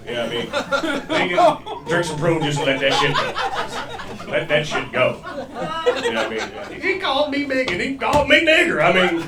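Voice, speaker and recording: A man's voice: high voice, roomy sound, recorded from a distance. A man doing a stand-up comedy set, rambling and profane with laughing asides.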